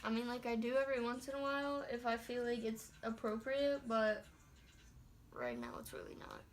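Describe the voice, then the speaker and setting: With an expressive, rather high voice at normal speed, a young woman chats to herself through a makeup tutorial vlog shot on a phone camera, putting on a light country accent. Mild exclamations pop up, and there's slight background noise.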